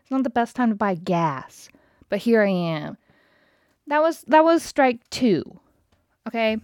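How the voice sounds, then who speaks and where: A woman's voice: fairly high pitch, expressive, a little slow, darkish tone, dry recording. A woman telling a story about a bad day in a heated, exasperated way, swearing often as she rants. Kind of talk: casual angry storytime rant.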